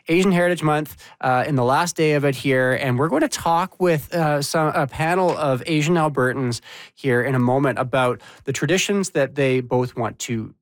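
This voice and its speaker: A man's voice: on the high side, no room sound, clean studio sound. Chatty man hosting morning radio. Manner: chatty, laughing, relaxed. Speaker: morning show host.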